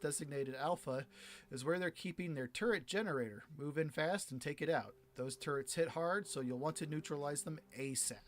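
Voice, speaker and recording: A man voicing a mercenary officer in a game who gives crisp, matter-of-fact orders in a close-to-natural voice. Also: fairly high pitch, lightly acted. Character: brisk mercenary mission briefer, all business.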